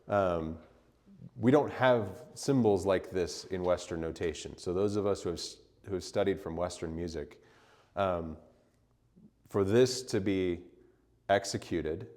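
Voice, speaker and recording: Slow-talking male chant teacher in a reverberant hall. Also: low-pitched, darkish tone. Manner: explains with many fillers and "right?", "okay?" checks; sings solfege syllables as demonstrations. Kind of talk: church music class. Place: church hall.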